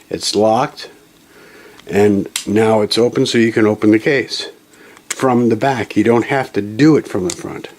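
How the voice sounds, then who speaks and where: Regular-pitched guy doing a rambly folksy tutorial at his home bench, keeps correcting himself and apologizing, camera mic. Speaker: channel host demonstrating a reloading tool. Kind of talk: casual hands-on tutorial. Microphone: camera mic, handheld then on tripod.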